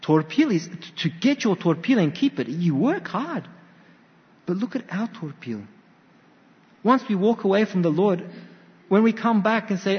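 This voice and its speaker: Lively preacher in an echoing hall. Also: male voice, high-pitched, a little slow, long pauses. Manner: animated storytelling with acted quotes. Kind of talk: sermon. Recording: dull sound with long hall reverb.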